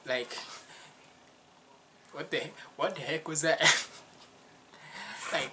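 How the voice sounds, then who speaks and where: A man with a non-native English accent hosting a casual reaction video, chatty and excitable, laughing often. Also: a little high, very slow, long pauses, heavy background noise.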